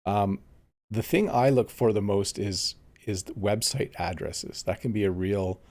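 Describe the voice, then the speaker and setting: A man's voice: on the low side, a little slow, darkish tone. A man teaching English on a casual live stream, chatting easily and reading viewer comments aloud while he plays a game. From Canada.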